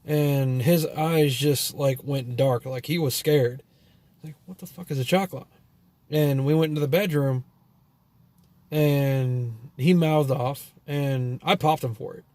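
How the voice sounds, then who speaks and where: A man's voice: medium pitch, fairly even intonation, slow pace, mellow, no echo. A man telling a long story as a vlogger in a casual, profane rant that rambles and is full of "you know" and "like".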